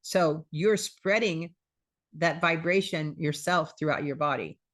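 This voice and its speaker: A woman's voice: sits low, unhurried. A woman hosting a spiritual wellness talk, chatting casually, repeating phrases and acting out quoted self-talk.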